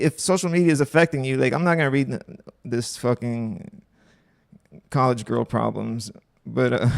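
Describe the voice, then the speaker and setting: A man's voice: medium pitch, vocal fry, no room sound, clean studio sound. A young man hosting a casual livestream, reading online posts aloud and commenting bluntly with profanity. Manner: blunt, profane, offhand asides.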